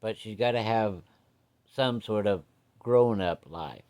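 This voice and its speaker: A man's voice: on the low side, slow, a little mellow, clean tone. A man telling a story in a folksy, casual way, cussing freely and talking straight to his listeners.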